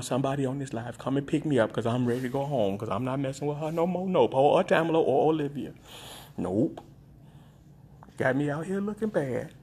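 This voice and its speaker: A man ranting for laughs on a live stream, complaining dramatically and repeating a flat "nope.". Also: slight background noise. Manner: exaggerated, dramatic complaining with big pitch swings. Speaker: comedic vlogger. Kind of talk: comedic rant on a live stream.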